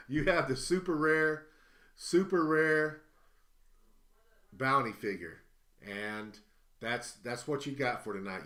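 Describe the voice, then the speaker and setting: A man hosting a live auction stream, rambling through prizes with lots of ums and uhs. He sounds a little out of breath, and his voice carries a clear echo from the room around him. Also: medium pitch, bright, forceful tone. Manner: rambling, lots of fillers while listing items. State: slightly out of breath. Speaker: host of an online auction stream. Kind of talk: casual live-stream chat.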